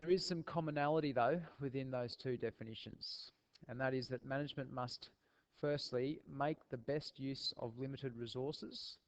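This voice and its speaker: A man teaching a recorded video lesson, his voice nasal from a cold, talking in a relaxed way with frequent ums and restarts. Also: mid-range voice, a little slow.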